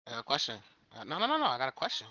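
A man's voice: a little high, wildly swooping pitch, rapid-fire, pushed and bright, muffled recording. A young man co-hosting a podcast, teasing the others with hypothetical questions and laughing as he talks. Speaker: podcast co-host. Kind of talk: casual profane banter.

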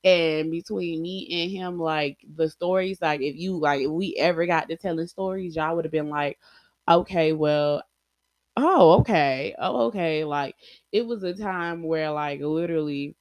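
A woman's voice: low-pitched, steady tone, normal speed, no echo. A young adult woman vlogger telling personal stories candidly, blunt and heavily profane, acting out quoted lines.

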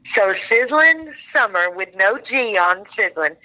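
A woman's voice: medium pitch, lively intonation, slow pace, sharp tone, lo-fi sound. An older woman with a Texas accent, a guest author chatting cheerfully on an interview podcast, laughing often and talking in a Southern drawl. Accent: Texan. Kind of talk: casual interview chat.

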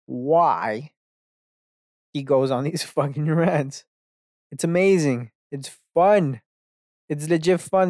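A man's voice: fairly high pitch, darkish tone, smooth, no room sound, clean studio sound. A young man hosting his own podcast, rambling through a profane, self-mocking solo rant with lots of restarts. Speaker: podcast host.

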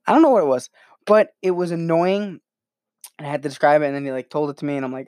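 A man's voice: a little high, quick pace, darkish tone, dry recording, clean studio sound. A young man hosting a casual educational talk, rambling and self-reflective with many fillers. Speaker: channel host.

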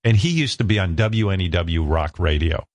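Animated, profane radio host in his 60s. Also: sits low, normal speed, no room sound. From New York area. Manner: animated, profane, self-mocking storyteller. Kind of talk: casual chat.

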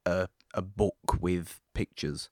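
A man with a very deep voice talks through films in a relaxed, meandering way. He stops and restarts his sentences as he thinks. The sound is dry and close, with no room echo. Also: slow. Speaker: podcast co-host. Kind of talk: casual film discussion.

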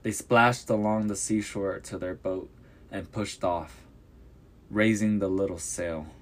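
A man reading a Bible story aloud as a podcast narrator, measured and descriptive. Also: low-pitched, fairly even intonation.

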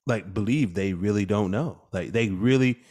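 A man in casual podcast chat, animated and laughing often, acting out what his kids said. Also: on the low side, normal speed. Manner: animated storyteller, acts out quotes, laughs often.

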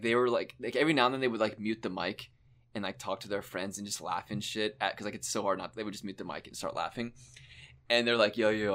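A young man with a somewhat low-pitched voice trades stories in a loose, casual chat. He swears freely and laughs often, building his stories with animated energy. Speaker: podcast co-host.

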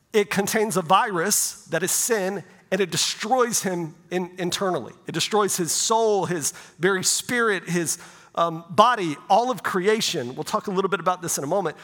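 A middle-aged pastor's high, fairly bright voice moves at normal speed as he preaches conversationally, repeatedly checking in with "right?". The sanctuary setting leaves a long church reverb on the sound.

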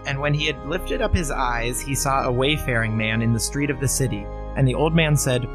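A man's voice: mid-range voice, brisk, few pauses, over music. A man co-hosting a podcast, reading scripture aloud and riffing on it in a wry, casual way. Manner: wry, reads archaic text then riffs on it.

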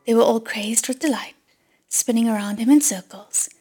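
A woman narrating a novel audiobook in a breathy, half-whispered way. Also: a little high, normal speed, mellow, soft background music. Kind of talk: scripted narration.

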